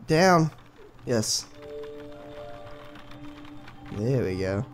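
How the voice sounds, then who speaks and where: A young man casually commenting on his own video game playthrough, excitable and profane, talking back to the characters on screen. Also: medium pitch, very slow, faint music behind. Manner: excitable, swears a lot, talks to the game characters. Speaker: gaming channel host. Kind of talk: casual let's play commentary.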